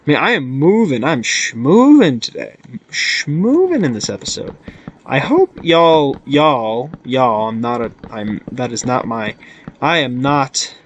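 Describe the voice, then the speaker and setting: A man's voice: medium pitch, a little hiss or hum. A young man casually narrating his game as host, rambling and goofy, often cutting himself off. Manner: rambling, goofy, self-interrupting. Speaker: gaming channel host. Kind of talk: casual let's-play commentary.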